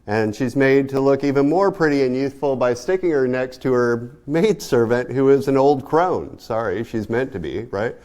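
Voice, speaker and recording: A man lecturing a class in a loose, conversational way. His voice sits at a middle pitch. He keeps asking his students rhetorical questions. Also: moderate pace, hardly any pauses, a little mellow. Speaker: art history lecturer.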